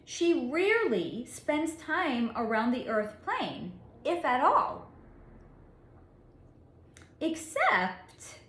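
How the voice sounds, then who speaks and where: A woman psychic reader telling a story in a monologue, with deliberate dramatic pauses and frequent laughs. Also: high voice. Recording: echoey room.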